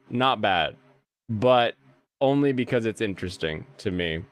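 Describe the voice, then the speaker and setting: A man hosting a casual podcast chat, animated, his voice jumping high when he gets exasperated. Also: measured pace, dry recording, clean studio sound. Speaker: podcast host.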